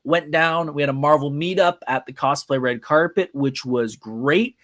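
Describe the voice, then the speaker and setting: A man hosts a live podcast, telling a rambling, chatty story packed with fillers in a casual monologue. His voice is on the high side and fairly bright at a moderate pace, recorded on a podcast mic with clean studio sound and no echo.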